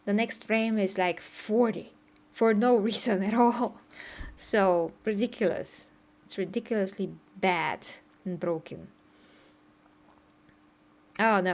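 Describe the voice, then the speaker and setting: A woman's voice: mid-range voice, darkish tone. A woman, chatting casually on a live stream, laughing often and answering her chat. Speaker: streamer reacting to game trailers. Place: home streaming setup in Bulgaria.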